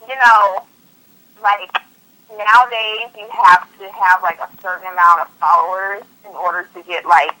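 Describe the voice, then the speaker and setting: A woman's voice: mid-range voice, steady tone, a little slow, pushed and bright, low-quality recording. A woman from the US West Coast, hosting a podcast in loose, slangy casual chat full of fillers and laughter. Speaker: podcast host.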